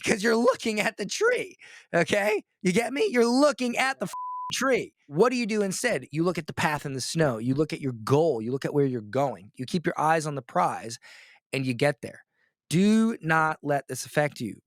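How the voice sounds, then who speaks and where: This Florida coach gives his client a straight-talking pep talk over a casual call, repeatedly firing off rhetorical questions. The recording is dry and close without echo, and his pitch runs high for a man.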